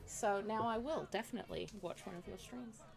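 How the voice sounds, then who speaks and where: A woman's voice: medium pitch, fairly quick, gravelly, crowd noise. A woman chatting casually while streaming a game, talking back to her viewers. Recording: music playing behind the voice.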